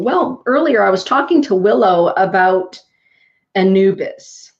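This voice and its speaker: A woman hosting a live-streamed spiritual show, greeting viewers by name and giving card readings in a soft, affirming, chatty way. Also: mid-range voice, very animated, measured pace. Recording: dull lo-fi stream audio.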